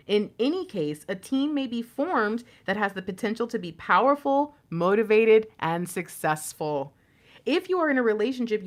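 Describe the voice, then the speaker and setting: Woman doing a tarot reading, animated voice, jokey and slangy, laughs a lot. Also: medium pitch. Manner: playful, laughs often, slangy asides. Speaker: tarot reader.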